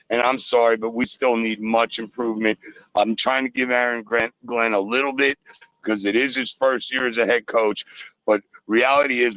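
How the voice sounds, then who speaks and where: A man calling in to a sports talk show from a store, ranting angrily and loudly with plenty of swearing. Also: mid-range voice, no echo, rough recording. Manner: angry, loud, swearing rant. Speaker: caller. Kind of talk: call-in sports radio rant.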